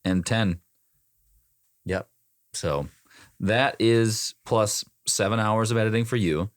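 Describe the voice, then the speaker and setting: A man's voice: fairly low pitch, takes it slowly, no room sound, studio quality. A man co-hosting a casual podcast, joking around as he rattles off his weekly figures. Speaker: podcast co-host, voiceover talent.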